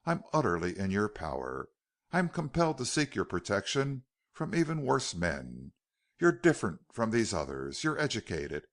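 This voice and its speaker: A man's voice: fairly low pitch, huge pitch swings, normal speed. A man voicing a young woman captive, earnest. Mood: pleading.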